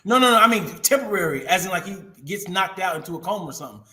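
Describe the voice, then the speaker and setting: A man co-hosting a casual podcast, halting and searching for words, then excited. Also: sits high. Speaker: podcast co-host. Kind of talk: casual chat.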